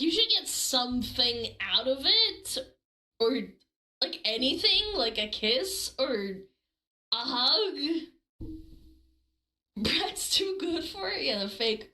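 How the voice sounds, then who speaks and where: Brief: woman streamer, lively sing-song pitch, slow loud giggly reactions. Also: rough recording. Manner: loud, giggly exclamations, crude jokes.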